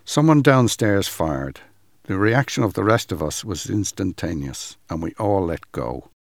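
A man giving a measured, dramatic reading of a first-person account. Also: sits low, expressive, vocal fry, no room sound, studio quality.

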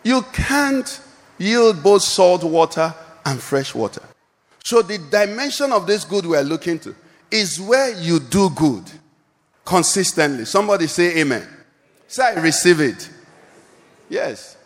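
A man's voice: high voice, sing-song, unhurried, in a large hall. A male pastor preaching a sermon and calling out questions for the congregation to answer. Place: church hall.

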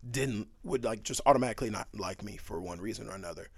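A man's voice: lowish voice, fast, breathy edge, no echo. Young man telling stories casually, laughs a lot, says like a lot, dry room. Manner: animated, laughing storyteller with many fillers. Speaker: podcast guest. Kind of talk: casual storytelling chat.

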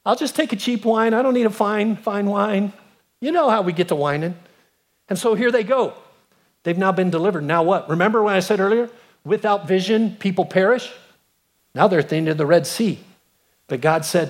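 A man in his fifties preaching a sermon, retelling a story with emphatic rises and hushed drops. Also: normal speed. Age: 50s. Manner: animated storytelling, rising to emphatic peaks and dropping low. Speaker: pastor.

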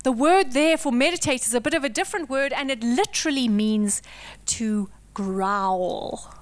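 Woman preaching, high smooth voice, goes from whispers to big declarations, dry close sound. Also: moderate pace, dry recording. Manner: dramatic, swings from intense whispers to loud declarations. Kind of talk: sermon.

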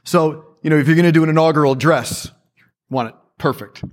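Lively storytelling priest, man. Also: a little high, a little fast. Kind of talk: talk to a church audience.

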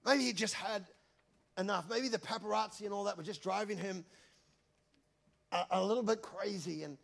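A male pastor, preaching a sermon in an energetic, chatty, jokey storytelling way. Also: sits high, fairly quick, gravelly, long pauses.

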